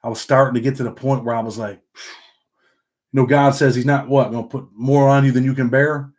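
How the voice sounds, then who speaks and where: A man's voice: mid-range voice, fairly even intonation, brisk, a little mellow. A man from upstate New York with a Southern country twang, hosting a casual livestream, reading the chat aloud and tacking "man" onto the end of his sentences.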